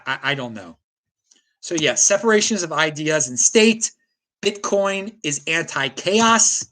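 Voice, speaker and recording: A man's voice: fairly high pitch, sharp tone. An American man hosting a solo livestream, ranting with strong opinions and reading chat comments aloud. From United States. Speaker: livestream host.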